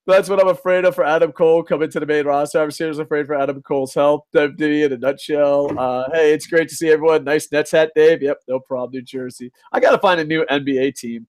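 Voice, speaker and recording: A man's voice: fairly high pitch, fairly even intonation, a little fast. A man hosting a casual live stream, reading chat, swearing and ranting, laughing often. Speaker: host.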